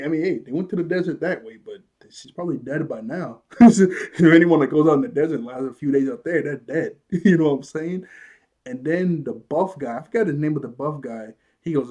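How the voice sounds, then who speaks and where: A man giving a loose, casual recap of a cartoon episode, chatty and quick to laugh. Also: mid-range voice, a little mellow, breathy edge. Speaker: show reviewer.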